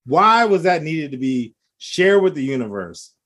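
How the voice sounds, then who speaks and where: A man's voice: on the high side, very animated, unhurried, a bit bright. A man co-hosting a podcast, chatting casually and animatedly, laughing often and slipping into voices. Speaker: podcast co-host.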